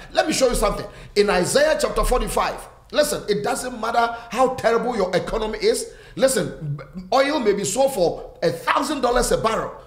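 High-voiced preacher man, echoey room. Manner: fervent, repetitive preaching with rising exclamations; quieter, friendly greetings to online viewers. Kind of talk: sermon.

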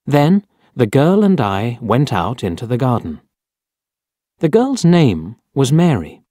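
A man reading a simple story aloud as narrator, clear and deliberate. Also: mid-range voice, huge pitch swings, dark tone, dry recording, studio quality. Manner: clear, deliberate graded-reader delivery.

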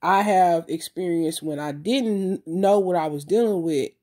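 Mellow-voiced woman in a loose, swearing vlog. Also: on the low side. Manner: loose, emphatic street talk with frequent swearing; repeats herself and pauses with fillers. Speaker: vlogger. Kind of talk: casual video monologue.

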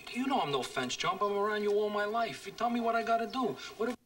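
An actor playing a worried man who pleads with his boss for help in fast street talk. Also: high-pitched, a bit bright, a little hiss or hum. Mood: pleading worried. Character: anxious middle-aged man pleading for mob protection. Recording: distant film clip played on air.

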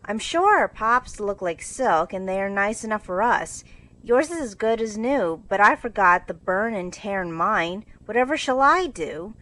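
A woman's voice: medium pitch, animated, measured pace, fairly bright tone, poor audio. A woman voicing a careless, tomboyish teenage girl in a storybook reading, speaking bluntly and forthright.

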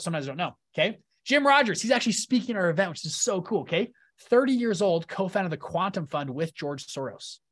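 An enthusiastic man speaks to a live seminar audience in a slightly raised voice. He is conversational and excitable, and he keeps checking in with his listeners as he goes. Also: on the high side. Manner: energetic, enthusiastic, keeps checking in with "right?" and "okay?". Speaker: fund-launch presenter at a live event.

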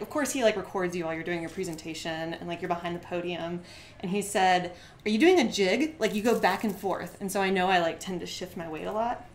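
This lower-voiced woman rattles along with many fillers while making a craft on a live stream, standing at her home desk. Occasionally she counts quietly under her breath. A little hiss or hum runs through the recording.

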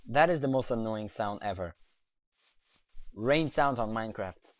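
A young man doing let's play commentary, excitable, talking to the creatures in his game and cursing now and then. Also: medium pitch, slow pace, pauses often, a little hiss or hum. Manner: excitable, talks to the game's creatures, curses.

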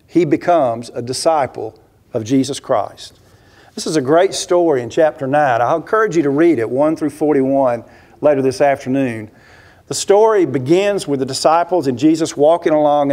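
A man's voice: a little high, darkish tone. Man, pastor, church sermon, storytelling, rhetorical questions, acts out quotes. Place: church sanctuary.

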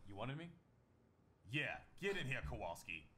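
An actor playing a gruff police captain in a game cutscene, heard in quiet game audio with noise. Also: male voice, mid-range voice, sing-song, normal speed, close to an everyday voice. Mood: stern.

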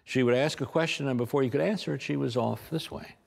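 Raspy older man telling stories. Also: mid-range voice, fast talker, few pauses. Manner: animated, acts out voices, stammers. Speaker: portrait painter interviewee. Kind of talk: anecdotal storytelling.

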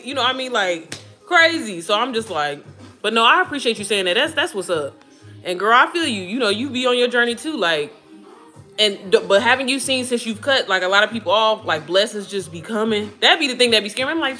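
A woman in her thirties chatting casually to her viewers, animated and talkative, calling them girl and baby. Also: a little high, fairly quick, soft background music. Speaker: vlogger talking to viewers while cooking. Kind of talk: casual chat.

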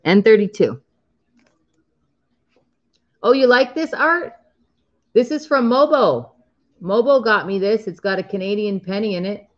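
A woman's voice: mid-range voice, expressive, measured pace, pauses often, muffled recording. A woman in her thirties chatting casually on a live stream while scratching lottery tickets, drawing out the numbers she calls and laughing often.

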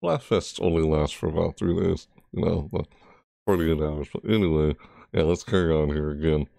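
A man's voice: extremely low pitch, normal speed, creaky, warm tone, no echo, clean studio sound. A man giving casual, rambling commentary while playing a video game, often correcting himself and reading game text aloud. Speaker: gaming YouTuber.

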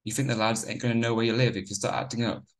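A man's voice: mid-range voice, little pitch movement, very fast, pitched above the performer's own voice, lightly acted. A man voicing a tough teenage gang lad. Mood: fuming. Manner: hard, urgent warnings. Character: tough teenage boy, gang member, older friend.

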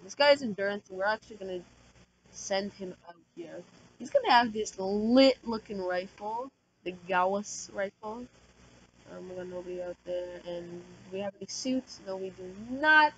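Loud, excitable woman gaming. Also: mid-range voice, slightly rough, lo-fi sound. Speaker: gaming channel host. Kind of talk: casual gameplay commentary. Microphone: desk microphone.

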